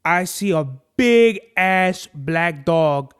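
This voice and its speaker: A man hosts a laid-back podcast, cursing freely and telling his stories with lots of energy. His voice sits fairly high for a man, clear and smooth. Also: very slow. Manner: profane, animated storytelling with acted-out quotes. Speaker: podcast host. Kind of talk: casual chat.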